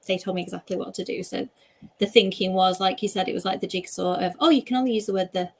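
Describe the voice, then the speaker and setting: A woman's voice: mid-range voice, fast talker, creaky. A woman hosting a casual chat over a video call. She talks in a chatty, rambling way. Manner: chatty and rambling, with frequent laughs. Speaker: host, author.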